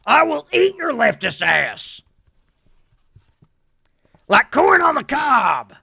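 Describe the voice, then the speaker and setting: A man impersonating a ranting, gravelly middle-aged conspiracy talk-show host with bombastic, paranoid delivery. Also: very high voice, wildly swooping pitch, takes it slowly, no room sound, studio quality, pitched above the performer's own voice, full character voice. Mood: impassioned. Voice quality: gravelly, shouting.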